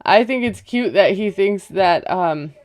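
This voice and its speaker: Woman, gossipy reality TV recap, smooth clear voice, dry close sound. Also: mid-range voice, expressive, a little slow, a little mellow, no room sound. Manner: gossipy, retells scenes with quoted voices and laughs. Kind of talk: casual chatty recap.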